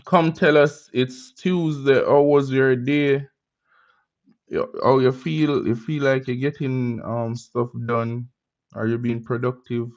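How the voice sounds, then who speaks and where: Laid-back slow-talking man streaming. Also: medium pitch, level tone. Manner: laid-back, greets chat with Jamaican slang. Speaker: livestream host. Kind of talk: casual livestream chat with viewers. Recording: dull lo-fi stream audio.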